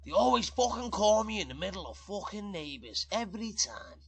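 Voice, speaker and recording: A man's voice: sits high, big pitch swings, fairly quick, fairly bright tone, husky, full character voice. A man voicing a crude, sweary adult fireman with a Scouse accent in a comedy parody dub. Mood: rowdy. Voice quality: brash, sweary.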